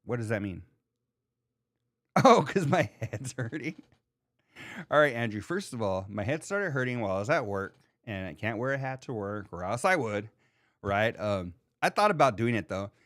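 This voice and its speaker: A man's voice: on the low side, very animated, moderate pace, fairly bright tone, no room sound, studio quality. Rambling, filler-heavy male podcast host. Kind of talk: casual chat reading live chat.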